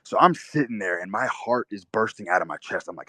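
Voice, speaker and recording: A man's voice: lowish voice, animated, brisk, sharp tone, no room sound. Dry, profane young man telling a story. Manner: intense, profane, vivid storytelling. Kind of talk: first-person storytelling monologue.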